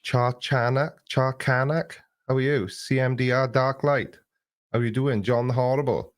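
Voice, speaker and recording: A man with a medium-pitched, steady voice hosts an early morning livestream at normal speed. He greets viewers by name and rambles casually about their comments. It's a dry recording on a desk mic.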